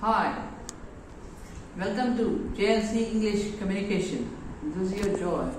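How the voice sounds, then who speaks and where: A woman English teacher giving a lesson in a classroom, halting with many fillers. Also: medium pitch, lively intonation, darkish tone, slight background noise. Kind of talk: explanatory lesson. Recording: very echoey room, voice far from mic.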